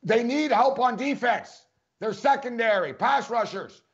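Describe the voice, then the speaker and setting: A man's voice: very high voice, unhurried, muffled recording. A man co-hosting a sports podcast, emphatic and incredulous, hammering his points in casual debate.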